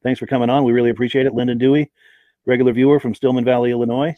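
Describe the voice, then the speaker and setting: Rapid-fire and level-toned, this medium-pitched male podcast host chats during a live stream and reads out viewers' names and hometowns. The audio is narrow and tinny, with no echo.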